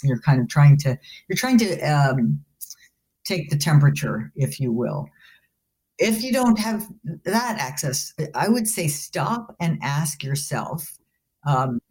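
A guest on an interview, this female business school professor of leadership gives thoughtful, explanatory answers full of restarts and "you know." Her voice is deep, warm and husky.

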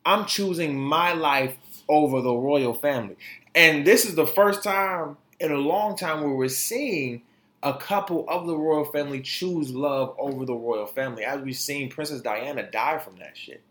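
A man's voice: on the high side, moderate pace. A male podcast host giving casual, joking commentary on celebrity news, full of slang and frequent laughs. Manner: animated, joking, laughs often, slang-heavy. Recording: echoey room.

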